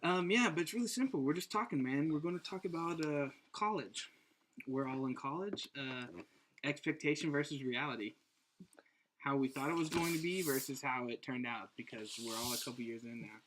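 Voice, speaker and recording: A man's voice: a little high, a little fast, a bit bright. Laid-back young man hosting. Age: 20s. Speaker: podcast host. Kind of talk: casual chat among friends. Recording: noisy room with clicks.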